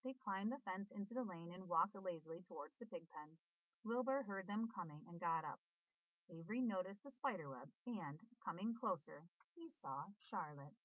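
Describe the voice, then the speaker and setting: A woman reading a children's storybook aloud in an expressive, sing-song way. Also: lowish voice, normal speed, no echo. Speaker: storybook reader. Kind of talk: children's book read-aloud. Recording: dull dry recording.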